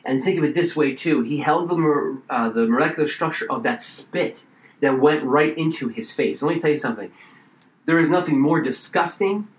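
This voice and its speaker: A man preaching a sermon, emphatic, with dramatic pauses and repeated phrases. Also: medium pitch, roomy sound, poor audio. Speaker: pastor.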